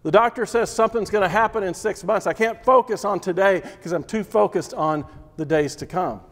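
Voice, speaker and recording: A man's voice: high voice, fairly quick. A man teaching a Bible class as a sermon, preaching emphatically with repeated phrases and rhetorical questions. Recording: long reverb of a large hall.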